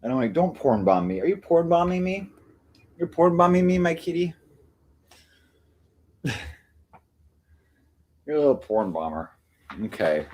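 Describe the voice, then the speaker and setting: A man's voice: on the high side, big pitch swings, measured pace, long pauses, darkish tone. A man hosting a livestream, cooing affectionate baby talk to his cats between remarks to the chat. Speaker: livestream host.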